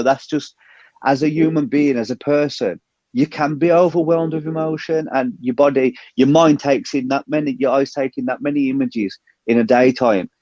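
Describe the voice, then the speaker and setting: A man's voice: mid-range voice, mellow, no room sound. A man co-hosts a chat podcast, speaking in a reflective, heartfelt way. His voice comes through dry and slightly dull, like a lo-fi recording. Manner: reflective, emotional. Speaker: podcast co-host. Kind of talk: casual chat.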